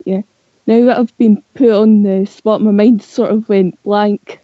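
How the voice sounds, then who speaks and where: Slow, soft-spoken Scottish woman. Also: mid-range voice, fairly even intonation, no room sound. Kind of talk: casual group livestream chat. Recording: dry lo-fi voice call audio.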